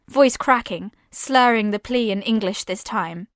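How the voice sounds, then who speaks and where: A woman narrating a science-fiction audio drama in a measured, unhurried voice. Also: a little high, no room sound, clean studio sound.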